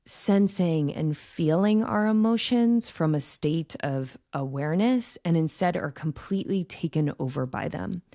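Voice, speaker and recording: A woman speaks in a low, gravelly voice with a mellow, relaxed tone. She hosts her own podcast and explains ideas in a slow, gentle, reflective way, often pausing to ask "right?". The recording is dry and close, with no room sound. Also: dry recording. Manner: gentle, reflective, frequent "right?" check-ins. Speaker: podcast host and intuition coach. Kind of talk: calm teaching monologue.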